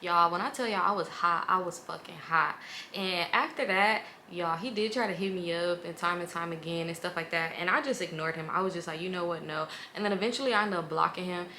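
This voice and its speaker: A young woman in her twenties recounts a story for her vlog audience in casual, blunt, profane talk. Her voice sits a touch low yet sounds bright and forceful. She tells it animatedly, scattering "like" and asides throughout. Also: brisk, slight background noise. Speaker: vlogger.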